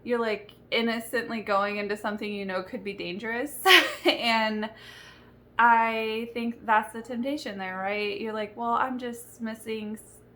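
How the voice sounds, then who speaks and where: A woman's voice: on the high side, unhurried, pushed and bright. A young woman talking candidly and earnestly about her faith in a personal video. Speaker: Christian vlogger. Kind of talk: faith-based personal talk to camera.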